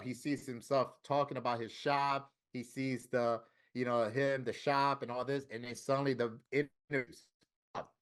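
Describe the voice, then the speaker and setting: A man from Florida telling a story in casual interview talk, animated and profane, acting out what other people said. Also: mid-range voice. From Florida, USA. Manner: animated, profane, acts out quoted voices. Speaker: interview guest, tattoo artist.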